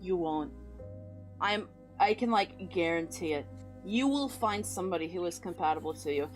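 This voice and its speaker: A young woman with a lowish voice chats casually with viewers while drawing, speaking at normal speed with lively intonation over soft background music. She rambles, offers encouraging advice and makes playful sing-song noises.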